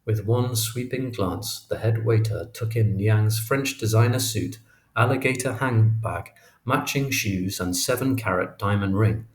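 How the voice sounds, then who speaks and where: Low-voiced man narrating an audiobook. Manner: measured, storytelling read of a memoir. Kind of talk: scripted narration. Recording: roomy echo.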